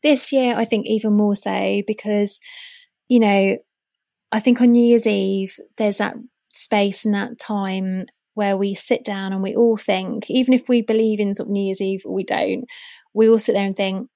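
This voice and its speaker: A woman speaks as an expert guest on a podcast, thinking aloud in a reflective, explanatory way. Her voice is at a middle pitch. The sound is dry and close, with no room echo. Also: fairly even intonation, normal speed, gravelly, mellow. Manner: reflective, explanatory, with frequent you-knows. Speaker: mental health expert guest. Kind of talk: casual interview chat.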